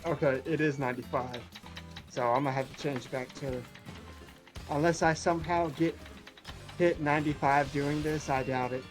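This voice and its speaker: A man joins a game stream with joking, teasing chatter. His voice sits a touch high for a man. Faint game music plays under him. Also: fairly even intonation, moderate pace, pauses often. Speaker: co-op player on stream. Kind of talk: casual gaming chat.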